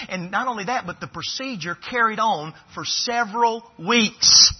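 A man preaching a sermon to a church congregation, swinging between loud pleading and hushed, earnest speech. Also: sits high, normal speed, hardly any pauses, slightly rough. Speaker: pastor. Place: church sanctuary. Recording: echoey church hall, dull lo-fi sound.

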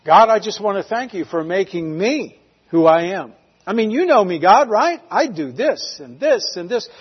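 A self-satisfied Pharisee boasts in prayer, his voice high and husky, as a preacher puts him on. The sound is a little dull and lo-fi. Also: animated, moderate pace. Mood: smug. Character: smug self-righteous male Pharisee praying aloud. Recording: slightly dull lo-fi recording.

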